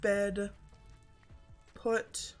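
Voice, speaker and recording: A woman's voice: mid-range voice, completely flat delivery, extremely slow, soft background music. A woman streaming a video game, chatting casually and joking at her own expense, with a slightly congested throat. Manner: chatty, self-deprecating, swearing. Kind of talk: casual gaming commentary.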